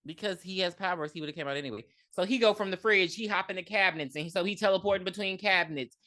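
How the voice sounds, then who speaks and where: A woman's voice: fairly low pitch, rapid-fire, bright, forceful tone. A woman co-hosting a podcast, casually recapping a horror movie with lots of profanity and acted-out quotes. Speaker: podcast co-host. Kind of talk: casual movie review chat.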